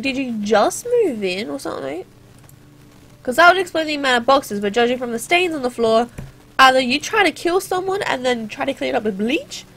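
A woman's voice: sits high, fairly bright tone, slightly rough. A teenage girl chatting through a gameplay video, rambling off on sarcastic little tangents. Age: teens. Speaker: gaming channel host. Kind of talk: casual gameplay commentary.

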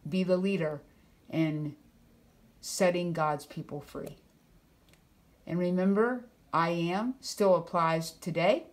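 A woman pastor giving a children's church lesson, explaining things in a friendly, simple way. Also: sits low. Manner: friendly, explains slowly to kids.

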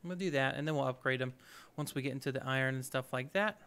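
A man's voice: medium pitch, fast, a bit bright, clean tone. A man hosting a let's play, giving upbeat, chatty gameplay commentary and thinking aloud as he goes.

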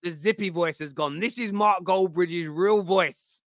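A man's voice: high voice, measured pace, no echo, clean studio sound. A man hosting a football reaction show, mocking the clips and laughing often. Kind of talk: casual reaction chat.

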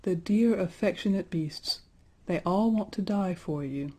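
A fond, sentimental old nurse from a storybook, put on by a woman reading aloud. She speaks in a gentle, homely way with a low, dark, husky voice. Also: measured pace.

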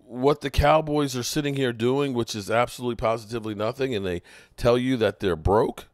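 A man's voice: mid-range voice, a little fast, no room sound, clean studio sound. A man hosting a sports podcast, talking through his thoughts casually with frequent restarts. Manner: conversational, thinking aloud with restarts. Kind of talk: casual commentary.

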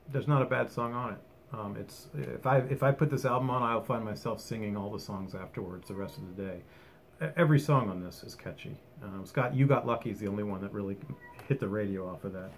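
A man's voice: lowish voice, creaky, a little hiss or hum. A man giving a casual, rambling album review at home, enthusiastic and full of ums and restarts. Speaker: music vlogger.

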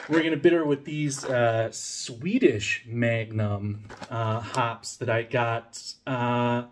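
Brief: male homebrew vlogger, casual rambling chat, mid pitch, faint fan hum behind. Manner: rambling, playful, thinks aloud with many fillers. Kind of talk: casual brew-day vlog. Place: home brewery in Denmark during a heat wave.

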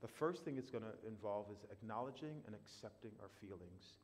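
A man preaching a sermon in a church, animated, surging loud for emphasis and then dropping quiet and slow. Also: lowish voice, a little hiss or hum. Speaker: pastor. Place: church sanctuary. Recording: long reverb of a church hall.

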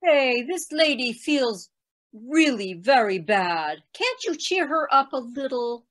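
A woman's voice: high-pitched, very animated, slow, heavily acted. A woman playing a cheeky boy clerk who answers offhandedly. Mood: offhand.

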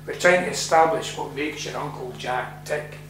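A man voicing a persistent middle-aged Scottish police sergeant who questions in a plain, steady way, read aloud in an echoey room. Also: mid-range voice, normal speed, close to an everyday voice. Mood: probing. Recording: echoey room with faint hum.

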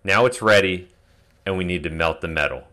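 A man calmly narrating a step-by-step metal casting tutorial as a voice-over. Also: low-pitched, brisk. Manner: calm step-by-step explaining. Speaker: DIY metal casting channel host.

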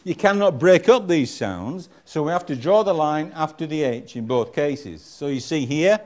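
A man's voice: fairly high pitch, lively intonation, moderate pace, darkish tone. A man teaching a phonics lesson, sounding out nonsense syllables one by one and calling on the class to answer. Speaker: reading teacher.

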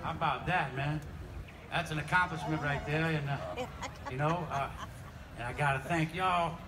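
A man with a Louisiana Southern accent, a blues musician joking with the crowd from an outdoor festival stage in a relaxed drawl. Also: on the high side, normal speed. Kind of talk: stage banter between songs. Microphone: stage vocal mic. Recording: live concert, loud band music. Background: loud live band music.

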